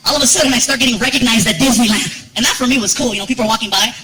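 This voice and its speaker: Man, stand-up comedian, animated, jokey, high-pitched voice, echoey live venue. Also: very fast.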